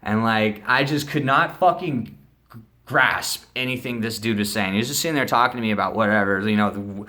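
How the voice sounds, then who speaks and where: Young male storyteller, animated and crude, bright tone, does the voices. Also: mid-range voice, moderate pace. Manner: animated, profane, mimics voices and sounds. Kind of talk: casual storytime vlog.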